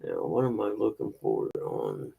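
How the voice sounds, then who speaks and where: Casual male stream host, very gravelly with an animated delivery, greets his chat by name. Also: extremely low pitch, measured pace, poor audio. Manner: chatty, greets viewers by name. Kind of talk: casual live-stream chat, reading out messages.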